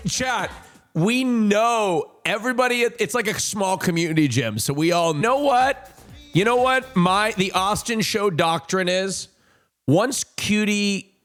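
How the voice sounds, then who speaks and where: A high-voiced man streams live and chats with his viewers, his pitch swinging widely as he talks. He speaks slowly, swears freely and circles back over his own words. Faint music plays behind him. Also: fairly bright tone. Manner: profane, repetitive storytelling addressing chat. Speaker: livestreamer. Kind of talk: casual live-stream chat.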